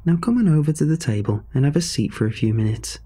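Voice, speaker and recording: A man's voice: a little high, animated, fast, mellow, breathy edge, voice pushed up. A man putting on an eager, manic glowing aunt. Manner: chatty, rambling and eager. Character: cheerful, slightly manic aunt, an inventor changed by a glowing meteor.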